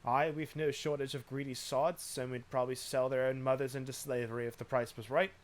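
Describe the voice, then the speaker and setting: A man's voice: medium pitch, level tone, fairly quick, lightly acted. Blunt veteran soldier, plain-spoken and fair, for a game read-along, as a man reads him. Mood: earnest.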